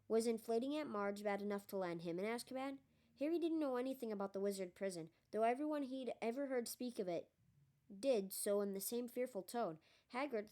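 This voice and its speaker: A woman narrating a storybook in a plain, steady reading voice. She keeps the telling even between the characters' lines. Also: mid-range voice. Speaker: audiobook reader.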